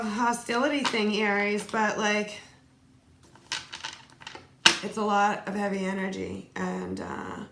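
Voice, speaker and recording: A tarot reader gives a solo reading, speaking card phrases aloud and tossing in casual asides. She has a mid-range, fairly bright voice, recorded in an echoey room with faint noise.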